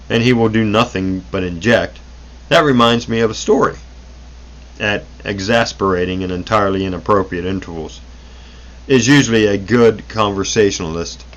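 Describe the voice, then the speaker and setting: A man's voice: fairly low pitch, dull audio. A man reading an old self-help booklet aloud, unrehearsed, stumbling over words and correcting himself as he goes.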